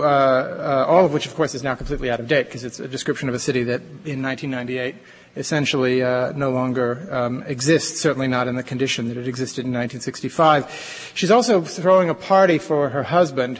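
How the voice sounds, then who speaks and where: A playwright, a man, introducing his reading in a hesitant, halting way, full of ums and uhs and self-deprecating asides, speaking in a lecture hall. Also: mid-range voice, a bit bright. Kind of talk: informal introduction before a reading. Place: lecture hall before an audience. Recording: long reverb in a large hall.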